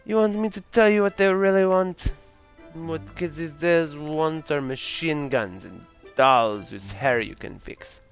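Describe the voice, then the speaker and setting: A man's voice: fairly high pitch, measured pace, faint music behind, voice pushed up. A man voicing a drunk, foul-mouthed old Santa in a game, with a put-on vague European accent and slurred, rambling talk. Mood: confiding. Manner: slurred, boozy rambling with sudden outbursts. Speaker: streamer voicing a game character.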